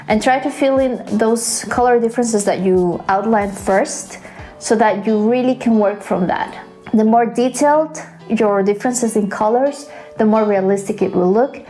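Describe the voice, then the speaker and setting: A woman's voice: mid-range voice, a little mellow. A woman hosting a casual drawing tutorial, chatty and playful, with self-mocking asides. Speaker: art tutorial host.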